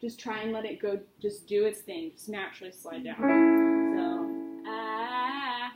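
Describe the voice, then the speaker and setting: A woman's voice: mid-range voice, a little fast, loud music behind the voice. A woman voice teacher giving a private singing lesson, chatty and encouraging as she explains with vivid images. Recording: roomy studio with faint noise.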